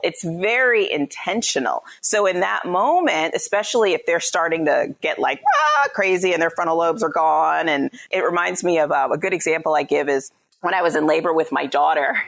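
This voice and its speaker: A middle-aged woman speaks as a podcast guest, explaining parenting ideas in an animated, conversational way. Her voice sits a little low, but her pitch swoops up and down a lot, and she often ends a point with "right?". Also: moderate pace, vocal fry. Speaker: psychologist and parenting coach guest.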